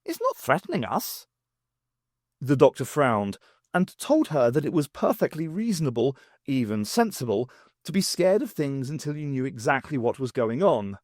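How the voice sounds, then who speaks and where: A man reading a novel aloud, unabridged, with a wry, expressive delivery. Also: medium pitch, normal speed, no room sound, studio quality. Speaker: audiobook reader.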